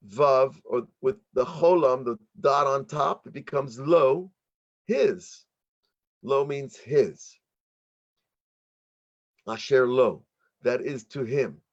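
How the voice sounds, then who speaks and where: American rabbi teaching, dull lo-fi audio. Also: male voice, mid-range voice. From United States. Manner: explanatory, halting with restarts, laughs easily. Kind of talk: online teaching workshop.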